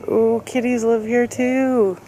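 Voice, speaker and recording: A woman with a fairly high voice vlogs outdoors in a cemetery, talking slowly and unhurriedly. Her manner is chatty and coaxing as she speaks to the animals around her, with faint background noise. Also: flat delivery, mellow, rough recording. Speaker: travel vlogger. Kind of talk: casual vlog narration.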